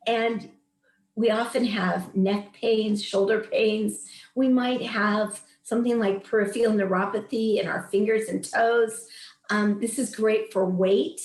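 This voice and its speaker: A woman's voice: medium pitch, fairly even intonation, unhurried, darkish tone, roomy sound. A woman in her late fifties, a wellness coach telling a personal story in an earnest, emphatic, inspirational way before leading a meditation. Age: 50s. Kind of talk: heartfelt storytelling and coaching talk.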